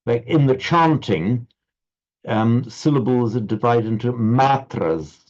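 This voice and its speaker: A man teaching a recitation class over a video call, explaining patiently with frequent halting restarts. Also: mid-range voice, a little mellow, highs cut off. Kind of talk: online class instruction.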